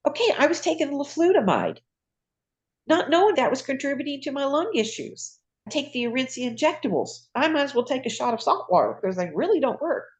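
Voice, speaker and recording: A woman's voice: high voice, expressive, fast talker. An older woman, a retired nurse, telling her story in a casual interview, acting out dialogue and laughing often.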